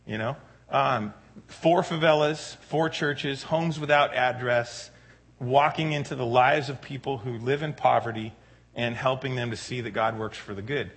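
A man's voice: medium pitch, a bit bright. A man preaching a sermon in a conversational way, with frequent fillers and retold dialogue. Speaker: pastor.

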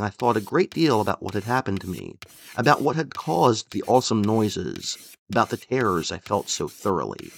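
Male audiobook narrator, low and gravelly, lively intonation, measured delivery. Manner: measured, expressive storytelling. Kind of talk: first-person story narration.

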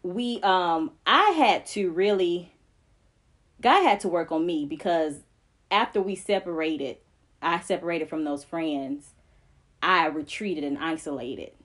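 A woman's voice: fairly low pitch, takes it slowly, fairly bright tone. A woman co-hosting a faith podcast, speaking earnestly and emphatically, with repeated phrases that build like preaching. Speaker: podcast co-host.

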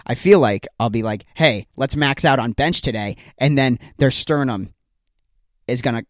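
A man's voice: mid-range voice, normal speed, no room sound, clean studio sound. A young man hosting a solo podcast, rambling in a jokey, self-deprecating way. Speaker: podcast host.

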